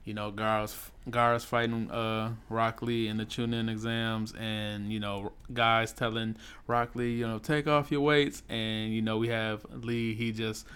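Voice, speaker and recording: A man's voice: lowish voice, level tone, a little slow, few pauses, a bit bright, smooth. A man co-hosting a casual chat, easygoing and often leaning on "you know". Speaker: podcast co-host.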